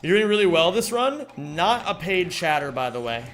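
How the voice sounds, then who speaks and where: A man streaming a speedrun, excitable, swearing freely and bantering with his chat. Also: high voice, moderate pace, soft background music. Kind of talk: live-stream commentary while playing.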